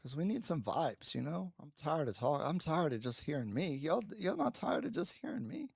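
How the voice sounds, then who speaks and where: A man's voice: on the high side, sing-song, moderate pace, no echo. A man hosting a live stream, chatting casually and mocking himself while he talks to his viewers. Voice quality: gravelly, husky. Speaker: livestream host. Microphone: headphones with mic.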